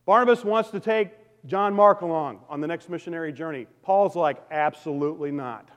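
The pastor's voice is a little high and his pace moderate as he preaches in a conversational way, calling out to his congregation. A long reverb from the sanctuary hangs on the recording.

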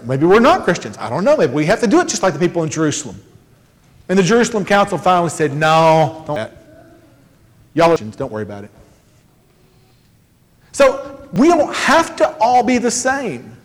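A man preaches a sermon in a conversational, joking way, tossing in quick asides. His voice rings out with a long hall reverb in a church sanctuary. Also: sits high. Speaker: pastor.

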